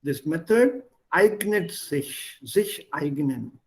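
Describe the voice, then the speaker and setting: A man teaches an online language class over a video call. His voice sits a little high and he speaks slowly, going through the words one by one and moving between languages as he explains. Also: lively intonation. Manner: slow, explains word by word, switches between languages.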